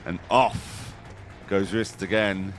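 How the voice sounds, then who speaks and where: A man giving live commentary on a competitive online match, chatty and jokey, breaking into excited high exclamations. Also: slow, slight background noise. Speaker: esports commentator.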